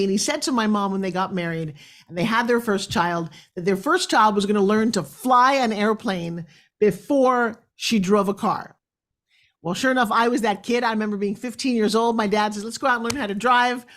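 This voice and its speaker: A middle-aged woman from New York hosting a talk show, enthusiastic and chatty as she tells stories. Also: mid-range voice. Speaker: host.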